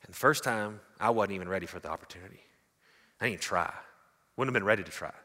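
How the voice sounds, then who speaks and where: A man preaching a sermon, telling stories and swinging from loud to hushed. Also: fairly low pitch, fast talker. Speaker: pastor. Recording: long hall reverb.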